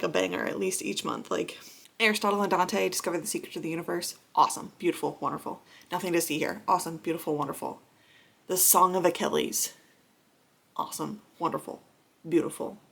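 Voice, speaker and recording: A woman's voice: lowish voice, vocal fry, husky. A woman in her thirties talking casually in a reading vlog, chatty and gushing, with laughs and sighs. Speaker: book vlogger.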